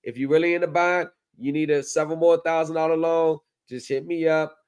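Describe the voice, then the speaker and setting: A man's voice: on the high side, fairly even intonation, brisk, smooth. A man hosting a livestream in casual chat, loose and profane in his banter. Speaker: livestream host.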